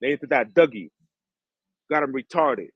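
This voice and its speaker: A man's voice: medium pitch, lively intonation, moderate pace, breathy edge, dry recording, lo-fi sound. A man hosting a livestream, ranting in heated, profane street slang. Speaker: livestream host.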